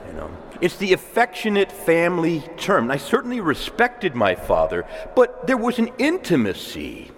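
A male priest giving a sermon in a conversational way, with asides and soft laughs. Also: fairly high pitch, wildly swooping pitch, moderate pace, few pauses. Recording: long reverb of a church hall.

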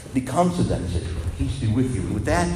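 Animated priest in an echoey hall. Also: male voice, mid-range voice, quick pace, noisy background. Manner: animated, rhetorical questions to congregation. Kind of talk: sermon.

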